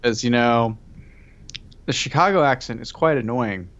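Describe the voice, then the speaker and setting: A man's voice: mid-range voice, normal speed, fairly bright tone, dull audio. A man co-hosting a podcast, rambling and joking in casual chat. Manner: rambling, joking, lots of "like" fillers. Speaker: podcast co-host.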